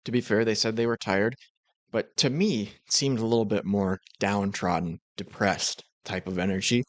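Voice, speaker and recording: A man's voice: lowish voice, steady tone, moderate pace, no echo. A man giving dry, critical and sarcastic commentary over reaction clips. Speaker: commentary host.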